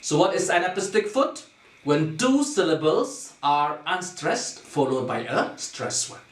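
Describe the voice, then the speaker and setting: In an echoey room, far from the mic, a male teacher explains poetic meter very slowly and deliberately, going over each point again and checking in with "okay?". His voice runs on the high side and is very animated.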